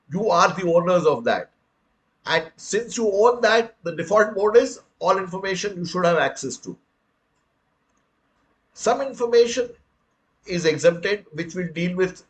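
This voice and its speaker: An older man from India, with an Indian English accent and a high voice, gives a public lecture on the right to information in a low-quality recording. A retired commissioner, he speaks earnestly and emphatically, addressing listeners as friends.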